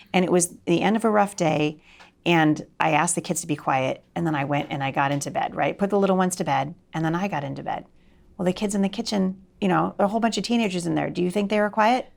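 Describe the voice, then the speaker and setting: Gravelly, animated middle-aged woman storyteller. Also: medium pitch. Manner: expressive, acts out quoted voices, drops to soft near-whisper. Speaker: homeschooling speaker.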